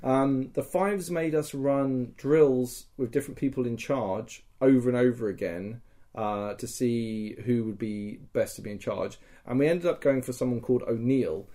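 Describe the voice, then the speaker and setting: A man's voice: mid-range voice, normal speed, mellow. A young man on a podcast, casually recounting a live-action role-play game in loose, rambling sentences with frequent swearing. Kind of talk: casual storytelling chat.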